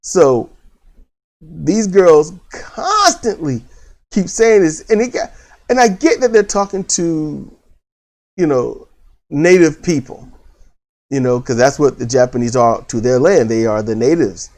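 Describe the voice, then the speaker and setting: A man's voice: fairly high pitch, big pitch swings, a little slow, pauses often, a little mellow. A man giving a casual, rambling movie review, full of restarts and fillers and the odd swear word.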